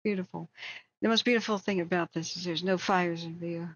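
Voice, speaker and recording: Her voice is lowish and steady, moving fairly quickly, with no room sound. She's an American woman hosting a lengthy wildfire-tracking livestream, rambling casually, sharing opinions and reading out viewer comments. The audio is dull, lo-fi stream quality.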